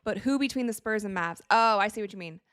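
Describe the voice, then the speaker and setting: Chatty young woman streamer, smooth voice. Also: medium pitch, quick pace, no echo, studio quality. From Wisconsin, US. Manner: chatty, excitable, reacts to plays mid-sentence. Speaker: streamer hosting a game watch party. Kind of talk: live casual commentary to chat.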